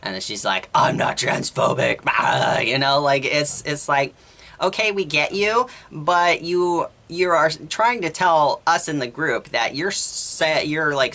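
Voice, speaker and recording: Bright-voiced exasperated vlogger ranting. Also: medium pitch. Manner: rambling, exasperated, quotes others in conversation. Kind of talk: casual storytime rant.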